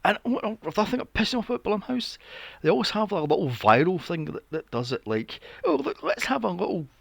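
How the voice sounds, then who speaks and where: A man's voice: sits high, big pitch swings, fast, creaky, no room sound. A man hosting a podcast, ranting about films in a casual, exasperated and profane way. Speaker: podcast host. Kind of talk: casual film review rant.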